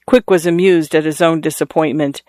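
A man reading a novel aloud in a measured storytelling manner, lifting his voice for characters' calls. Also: fairly even intonation, darkish tone, dry recording, studio quality. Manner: measured storytelling, lifts pitch for quoted calls. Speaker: audiobook narrator. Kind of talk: scripted narration.

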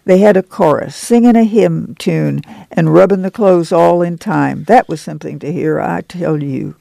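A man reading the part of a friendly, lean camp manager who talks with easy, chatty warmth. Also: on the high side, normal speed, gravelly, no echo.

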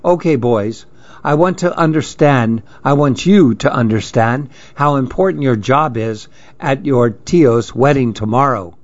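A man voicing a gentle, pun-making father in a storybook reading. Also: mid-range voice, a little slow, lightly acted. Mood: earnest. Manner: gentle, punning. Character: joking dad who makes puns. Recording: dull lo-fi dry recording.

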